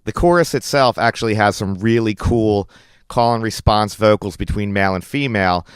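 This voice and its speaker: A man's voice: lowish voice, normal speed, clean tone, no echo, studio quality. A man hosting his channel, giving a casual track-by-track album review with enthusiastic, chatty talk. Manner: enthusiastic, chatty, lots of "like" and "crazy". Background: the album's music playing under the talk.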